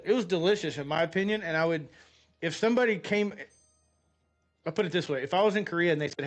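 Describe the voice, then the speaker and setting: A man's voice: fairly high pitch, animated, brisk, dull audio. American man rambling through a gaming stream. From United States. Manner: rambling, swears freely, lots of fillers. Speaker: game streamer. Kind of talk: casual gameplay commentary with storytelling.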